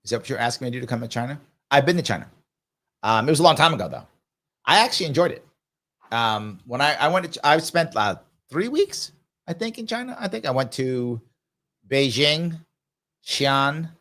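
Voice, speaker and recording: A man hosting a live question-and-answer stream, talking in an easy conversational way with emphatic bursts. His voice sits at an ordinary, middle pitch for a man. He tells stories with lively back-and-forth energy. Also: a little fast, long pauses. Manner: conversational, emphatic, animated anecdote telling. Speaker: livestream show host. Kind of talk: casual live Q&A and storytelling.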